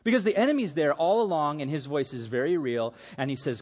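A man's voice: a little high, a little fast, hardly any pauses, a little mellow, slightly rough, big-room sound. A middle-aged man preaching a sermon as a pastor, telling stories animatedly and acting out the quotes.

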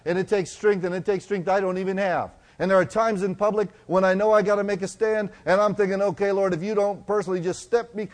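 A middle-aged man preaching a sermon, telling stories and swinging from loud to hushed. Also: high-pitched. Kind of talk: sermon storytelling.

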